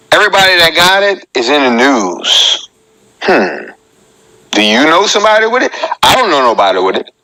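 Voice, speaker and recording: A man's voice: on the high side, bright, forceful tone, low-quality recording. A man in his thirties, a comedian hosting his own live show and joking in a chatty way as he talks straight to his viewers. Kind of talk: casual live-stream comedy monologue.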